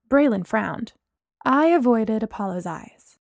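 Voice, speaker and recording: Female audiobook narrator, first-person story, higher voice, close and dry. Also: moderate pace, dark tone, no room sound.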